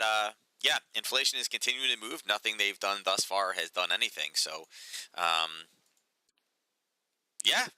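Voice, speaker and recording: Market-commentary host, man, casual and sarcastic, bright cutting voice, dry close sound. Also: mid-range voice, no echo, rough recording. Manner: chatty, sarcastic, lots of "right?" and "um".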